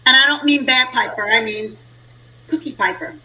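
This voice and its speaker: A woman's voice: a little high, moderate pace, pushed and bright, poor audio. A woman guest cook in a casual chat, playful and self-deprecating.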